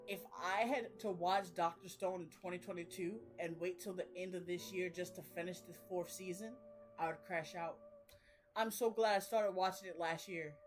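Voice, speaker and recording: A woman's voice: fairly low pitch, fairly even intonation, moderate pace, faint music behind. A young woman chatting casually about her reading. She rambles, uses slang and laughs often. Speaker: reading vlogger. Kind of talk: casual chat.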